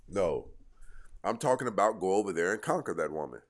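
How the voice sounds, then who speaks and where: A man's voice: sits low, expressive, fairly quick. A man giving dating advice straight to his viewers in a blunt, emphatic, lecturing manner. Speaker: dating coach. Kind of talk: direct-to-camera advice monologue.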